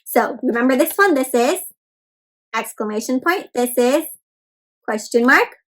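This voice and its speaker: A woman's voice: high-pitched, animated, a little slow, fairly bright tone, low-quality recording. A woman hosting a children's read-aloud, teaching young kids in an encouraging sing-song way, often calling them friends. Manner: encouraging, repeatedly addresses listeners as friends; bouncy sing-song teacher delivery with counted prompts.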